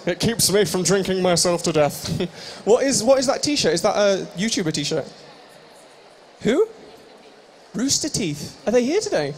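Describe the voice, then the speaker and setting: Young guy hosting onstage, quite high voice, playful crowd banter, faint background hum. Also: very animated, unhurried. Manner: playful, teasing, joking with the audience. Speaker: stage host at a live fan convention. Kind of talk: improvised comic crowd banter.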